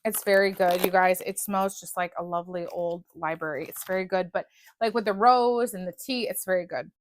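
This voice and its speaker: A woman's voice: lowish voice, fairly even intonation, fairly quick. A woman reviewing scented wax melts in a casual, chatty way, gushing and often restarting her sentences. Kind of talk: casual product review chat.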